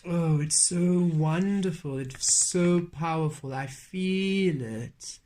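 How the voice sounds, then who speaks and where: Slow, chanting spiritual tarot reader. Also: mid-range voice, mellow. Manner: slow, incantatory repetition with frequent laughter. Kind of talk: spiritual channeled reading. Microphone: camera on a table.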